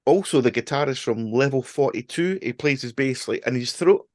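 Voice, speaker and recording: A man's voice: mid-range voice, lively intonation, normal speed, no room sound. A man hosting a podcast, rambling and joking as he chats. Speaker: podcast host. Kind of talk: casual chat.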